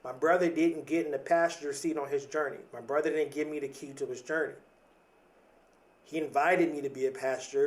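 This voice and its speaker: An earnest young man with a voice a touch higher than most men's talks through a reflective motivational monologue as a podcast host. He often restarts phrases, doubles his words and checks in with the listener as he goes. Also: steady tone, a little fast.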